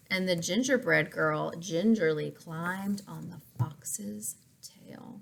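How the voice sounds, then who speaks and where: Expressive woman reading a picture book. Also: on the low side, slow, vocal fry, a little hiss or hum. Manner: expressive, asks listeners questions, explains words. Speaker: story reader for children.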